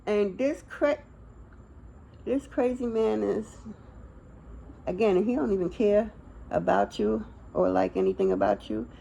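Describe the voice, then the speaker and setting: A woman's voice: medium pitch, big pitch swings, unhurried, creaky, long pauses, dark tone, muffled recording, a little hiss or hum. A young woman giving a casual tarot reading, blunt and slangy, talking straight to the viewer. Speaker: tarot reader.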